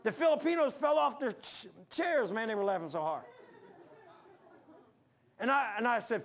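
A man with a high voice preaches a sermon in a folksy, storytelling way. He peppers his talk with "man" and swings from loud, high bursts down to low murmurs. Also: big pitch swings. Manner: storytelling with quick shifts between loud highs and low murmurs; folksy, says "man" often.

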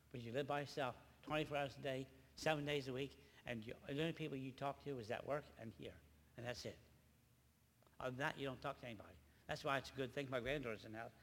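An older man giving an emotional personal testimony at a church gathering, speaking haltingly and often repeating his words. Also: mid-range voice, steady tone, fairly bright tone. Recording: reverberant hall, faint background noise.

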